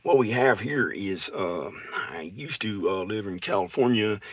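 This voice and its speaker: A man talking to a camera on a tripod outdoors in the woods, rambling and halting with many fillers and restarts. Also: lowish voice, lively intonation. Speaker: vlogger. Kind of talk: rambling casual monologue.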